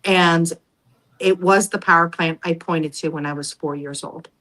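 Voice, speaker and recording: Bright-voiced woman telling stories. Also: lowish voice, normal speed, poor audio. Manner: animated, acts out voices in her stories. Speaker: podcast guest, psychic. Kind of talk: casual storytelling.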